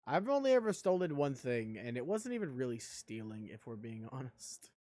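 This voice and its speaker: A man's voice: mid-range voice, sing-song, moderate pace, a little mellow, dry recording. A man streaming a video game live, chatting in a joking, rambling way. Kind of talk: casual live-stream chat while gaming.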